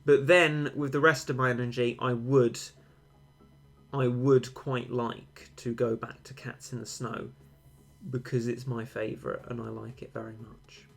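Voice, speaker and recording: A man's voice: mid-range voice, level tone, unhurried, gravelly, soft background music. A young man, a game streamer, chatting casually and rambling, answering viewer comments with mock-dramatic overstatement.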